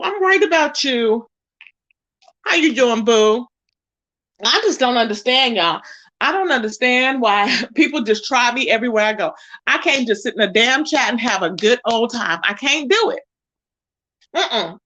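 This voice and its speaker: A woman with a high voice chats on her livestream. She reads the chat out loud and roasts a rival with sass. She drawls pet names like baby and boo between her jabs. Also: animated, a little slow, pauses often, muffled recording. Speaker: livestream host.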